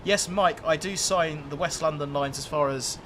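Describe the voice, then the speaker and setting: A man's voice: fairly high pitch, moderate pace, noisy background. A man streaming a train game, chatting casually and answering viewers' questions, with frequent laughs. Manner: chatty, laughs often, reads out viewer messages. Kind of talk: casual live-stream chat.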